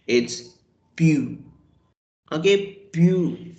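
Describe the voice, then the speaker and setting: A man teaches French in an unhurried, patient way. He repeats each word and spells it out letter by letter. His voice sits in the middle range, and the room has a roomy echo. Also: mid-range voice, muffled recording. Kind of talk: online language class.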